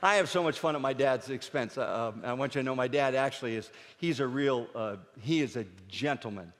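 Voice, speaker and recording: A middle-aged man from Pennsylvania telling comic stories on stage, jumping up high and loud when he acts out his dad. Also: fairly quick, long reverb tail, a little hiss or hum. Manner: animated, shouts his dad's lines in a high voice. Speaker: stand-up comedian. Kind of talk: storytelling stand-up comedy.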